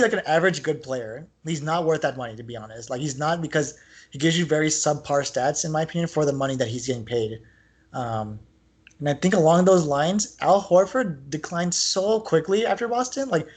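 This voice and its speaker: A man co-hosting a podcast in casual sports chat, talking in an animated, rambling way with lots of filler words. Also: fairly high pitch, breathy edge. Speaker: podcast co-host.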